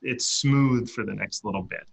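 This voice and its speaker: A man's voice: medium pitch, normal speed, vocal fry, husky. A man narrating as dungeon master for a tabletop game, loose and chatty, with lots of fillers and restarts.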